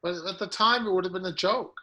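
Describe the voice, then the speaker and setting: A man dropping quick remarks into a film podcast chat. His voice is bright and a bit sharp, sitting somewhat higher than most men's. He keeps his comments short. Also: steady tone. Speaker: podcast co-host. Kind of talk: casual chat.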